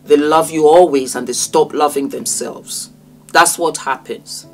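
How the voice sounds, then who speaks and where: A woman's voice: deep voice, fairly even intonation, measured pace, faint music behind. A woman in her fifties giving impassioned commentary, speaking straight to the person she is talking about in an emotional, preachy way. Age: 50s. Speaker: vlogger commenting on celebrity news. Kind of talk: impassioned direct-address commentary.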